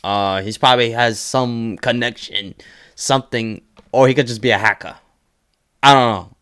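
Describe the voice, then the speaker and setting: A young man hosting a casual reaction video, excitable and swearing, full of "yo" exclamations and laughter. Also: mid-range voice, normal speed, clean tone.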